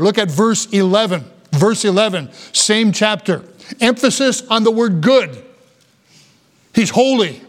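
A man preaching a sermon as pastor, reading scripture slowly and then building to fervent appeals. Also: high-pitched.

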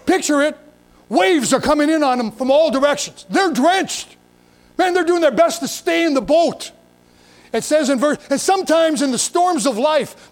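A pastor preaching a sermon in a folksy, emphatic way, full of repeats and asides, reading scripture and talking straight to his listeners. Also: very high-pitched.

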